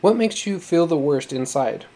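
A man reading the part of a tender, patient foster mother who speaks gently and coaxingly. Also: a little high, lively intonation, moderate pace. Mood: gentle.

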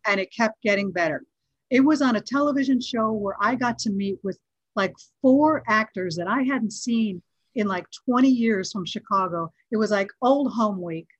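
A woman's voice: mid-range voice, normal speed, no room sound. A middle-aged woman, an actress, telling a story in a casual interview and acting out the quoted lines. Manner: lively, acts out quoted dialogue. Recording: dull, dry recording.

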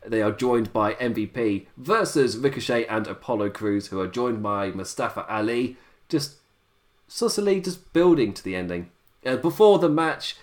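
A tired man reviewing wrestling in a rambling, casual livestream chat, laughing often at his own remarks. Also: mid-range voice. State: tired late-night voice.

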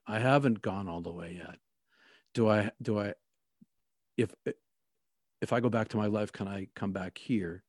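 A man recounting a personal experience in a reflective, halting way, often restarting his sentences. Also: fairly low pitch, no echo, clean studio sound. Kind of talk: personal testimony.

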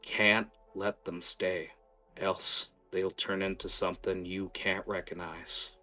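A man puts on a kind dragonborn priest with a low, soft voice. He is solemn and consoling, in a tabletop game with faint music behind him. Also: flat delivery, slow, full character voice.

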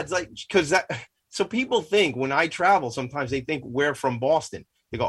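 A man co-hosting a podcast, joking and playful, telling stories in a casual, animated way. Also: fairly high pitch, moderate pace, husky. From New York area, Long Island. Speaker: podcast co-host.

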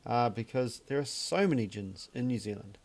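A man co-hosts a casual podcast about gin, speaking at a moderate pace with a medium pitch and lively intonation. His humor is dry and joking, and he uses plenty of fillers.

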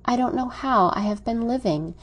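A woman's voice: a little high, expressive, moderate pace, pitched above the performer's own voice. A woman reading the part of an ardent, persuasive young male suitor who presses his case with insistent reasoning. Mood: pressing.

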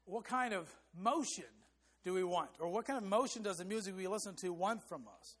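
A man with a fairly high voice delivers a sermon. He speaks emphatically and now and then sings short hymn phrases to demonstrate a rhythm. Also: lively intonation, brisk, fairly bright tone. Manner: emphatic, rising for stress. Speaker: preacher.

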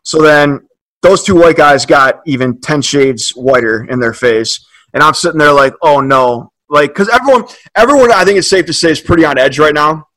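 Bright, animated male storyteller. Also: a little high, normal speed, low-quality recording. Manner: animated storyteller, heavy filler words. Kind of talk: casual storytelling chat.

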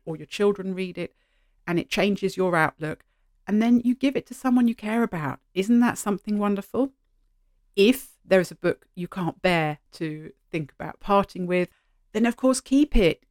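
A middle-aged woman speaks into a close microphone, her voice sitting at an ordinary middle pitch. The sound is dry and close, with no room echo. She talks in an animated, heartfelt podcast monologue. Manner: animated, heartfelt, gently emotional. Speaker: podcast host. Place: sitting at home. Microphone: studio microphone.

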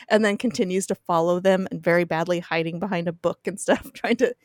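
A woman's voice: lowish voice, brisk, hardly any pauses, no room sound. Giggly woman telling a story, dry mic. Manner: giggly, chatty storytelling with frequent laughs. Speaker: podcast guest recapping an episode. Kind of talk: casual chat.

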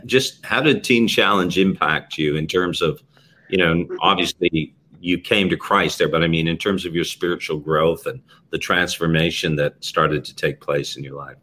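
A man hosting a faith interview, asking gentle, halting questions full of fillers. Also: low-pitched, a little hiss or hum. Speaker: interview host.

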